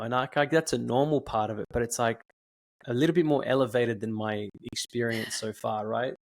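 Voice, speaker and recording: Gravelly man, chatty host. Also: mid-range voice, normal speed. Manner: rambling, animated storytelling with many fillers. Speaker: podcast host. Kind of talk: casual podcast chat.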